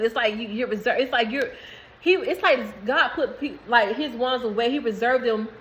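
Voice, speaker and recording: A woman's voice: fairly high pitch, fairly bright tone, a little hiss or hum, low-quality recording. A woman in giving a rambling, emphatic spiritual message to viewers, swearing freely. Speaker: spiritual reader.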